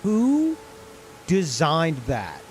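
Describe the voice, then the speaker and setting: A man's voice: a little high, wildly swooping pitch, drawn-out words, a little mellow, slight background noise. A man streaming a game live, reacting in disbelief, swearing often and laughing a lot. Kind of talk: live gameplay commentary.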